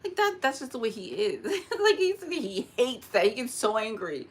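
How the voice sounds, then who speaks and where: A woman chatting casually about spirits in a rambling, animated way, laughing often. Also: fairly high pitch, normal speed. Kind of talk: casual spiritual talk to camera.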